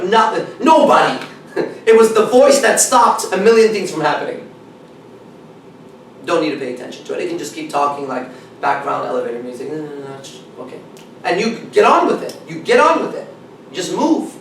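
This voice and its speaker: Man, blunt and profane coaching talk, high-ish voice, very echoey room, faint hiss. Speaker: dating coach. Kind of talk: seminar talk to a small group. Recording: echoey room, mic far off, faint noise.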